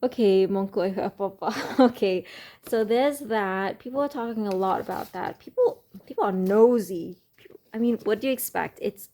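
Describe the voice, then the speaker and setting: A woman giving a slow, musing tarot reading, often pausing with fillers as she speaks. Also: a little high, mellow. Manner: speaks slowly. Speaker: tarot reader.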